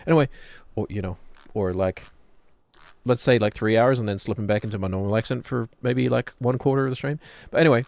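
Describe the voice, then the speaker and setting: A man's voice: on the low side, brisk, vocal fry, darkish tone, no room sound. A man, streaming a game and chattering casually, rambling and joking as he plays. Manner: rambling, jokey, drifts into put-on British voices.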